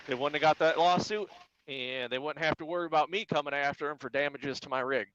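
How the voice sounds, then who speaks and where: Man, trucker, live-stream guest, animated storyteller, slightly high voice, dull dry call audio. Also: quick pace, smooth, no echo. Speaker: flatbed truck driver, guest. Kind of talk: casual live-stream chat.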